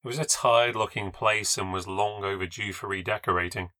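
Wry, measured male narrator for a ghost story podcast, slightly low and crisp-edged. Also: steady tone, pushed and bright, no echo. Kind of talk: scripted first-person ghost story narration.

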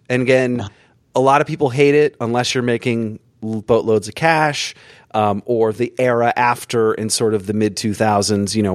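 A man hosting a casual podcast interview, telling playful, animated stories with quick asides. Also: lowish voice, dry recording, clean studio sound. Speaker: podcast host.

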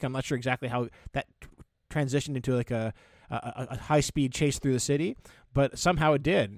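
A man co-hosting a casual podcast chat, talking in halting bursts with many stammered restarts. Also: medium pitch, no room sound, studio quality. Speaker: podcast co-host.

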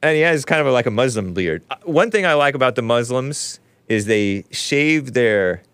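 A man's voice: medium pitch, lively intonation, normal speed, fairly bright tone, smooth, no room sound. A man hosting a talk show, commenting sarcastically in a rambling, casual way, often laughing at his own remarks. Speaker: show host.

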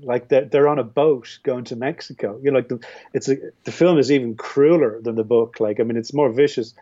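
An Irish filmmaker, a guest on a podcast, talking casually about films in a rambling way with frequent restarts. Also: male voice, medium pitch, steady tone, a little fast, dark tone. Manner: rambling, with many restarts and fillers. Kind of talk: casual film discussion. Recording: dull, muffled audio.

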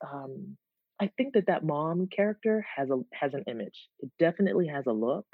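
A woman guest chatting in an interview, animated and quick to laugh. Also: deep voice, breathy edge, no echo. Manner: animated, laughs easily, restarts words. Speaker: guest, content creator. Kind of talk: casual interview chat. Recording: dull lo-fi, dry sound.

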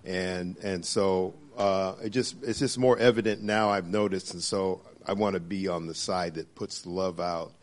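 Low voiced guy reflecting out loud, lots of ums and pauses. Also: steady tone. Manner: halting, many pauses and fillers. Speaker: church small-group member. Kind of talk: casual reflective sharing.

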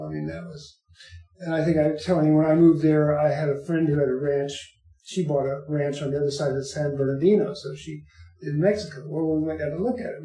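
Older male guest, wry rambling storyteller, slightly high voice, echoey room. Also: warm tone. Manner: rambling, wry, chuckling asides. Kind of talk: casual interview chat. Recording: echoey room, faint music.

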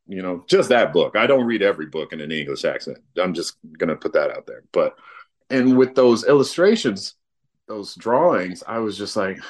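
Deep-voiced man chatting loosely. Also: normal speed. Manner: relaxed and rambling, many fillers. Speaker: guest, artist and father. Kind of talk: casual interview chat.

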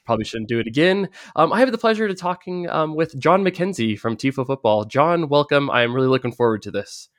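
A man's voice: fairly high pitch, lively intonation, brisk, hardly any pauses, no echo, studio quality. A man hosting a podcast, upbeat and chatty, with an enthusiastic, casual way of talking. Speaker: podcast host.

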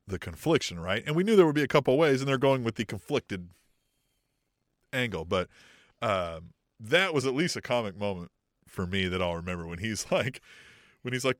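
Podcast guy, super animated, pitch jumps everywhere, cusses a lot, dry close mic. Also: a little fast, no room sound. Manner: animated, swears freely, acts out wrestlers' lines. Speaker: podcast co-host. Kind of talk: casual chat.

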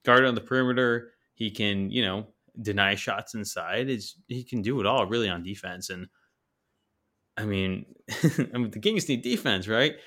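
A man's voice: lowish voice, moderate pace, pushed and bright. A man co-hosting a casual sports podcast, talking with enthusiasm and casual slang.

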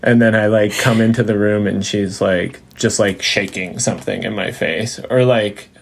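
Guy on a podcast, low gravelly voice, rambly storyteller full of likes and laughs, does his mom's voice. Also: fairly even intonation, moderate pace. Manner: acts out his mom's voice when quoting her. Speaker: podcast guest. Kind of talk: casual chat.

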